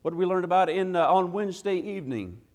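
A male preacher delivers an emphatic evening sermon in a rather high voice. He talks in a folksy way, full of rhetorical questions and interjections, and his words carry a long reverb through a church hall. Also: animated, quick pace. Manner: folksy, drops into "gotta" and "ain't". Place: church sanctuary.

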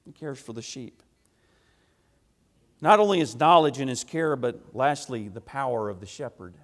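A man preaching a sermon, swinging from quiet low asides to loud, emphatic, rhythmic repetition. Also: sing-song, normal speed.

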